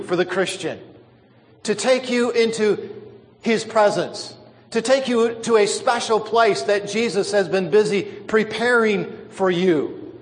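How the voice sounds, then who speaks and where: High-voiced preacher in a reverberant hall. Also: male voice. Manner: emphatic, drawn-out stresses on key words. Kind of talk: sermon.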